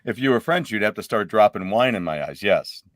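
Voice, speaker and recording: A man hosting a casual live show, joking around and laughing loudly with his guests. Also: lowish voice, animated, brisk, dry recording. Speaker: host.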